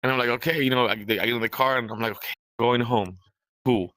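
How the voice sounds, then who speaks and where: A man's voice: medium pitch, fast talker, pushed and bright, no room sound. A young man hosting a podcast, telling a long, rambling, profane story in casual chat and acting out what others said. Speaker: podcast host.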